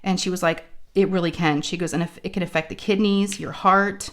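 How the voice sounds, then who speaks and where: Host: chatty woman, lowish voice, sore throat, acts out dialogue. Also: steady tone, a little fast. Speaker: crafting channel host. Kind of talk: casual chat storytelling.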